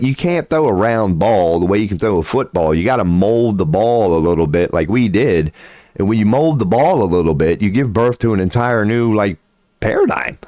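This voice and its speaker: A man's voice: low voice, darkish tone, no room sound, studio quality. A man hosting a livestream, rambling casually in a profane, sarcastic way with a loose slangy drawl. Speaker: livestream host.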